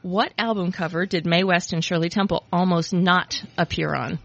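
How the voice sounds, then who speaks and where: Creaky-voiced woman reading podcast trivia. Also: fairly low pitch, steady tone, normal speed, dry recording. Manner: chatty, upbeat, laughs often. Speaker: podcast host. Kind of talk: casual chat, reading trivia. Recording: dull lo-fi audio.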